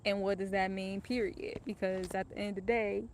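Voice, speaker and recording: A woman's voice: medium pitch, flat delivery, fairly quick, a little hiss or hum. A woman casually telling a personal story in a candid, profane, rambling way.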